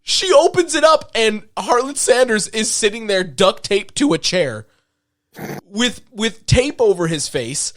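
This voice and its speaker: A man on a podcast, recapping a movie in casual chat, laughing often and acting out lines in quick voices. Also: high voice, big pitch swings, a bit bright. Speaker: podcast co-host.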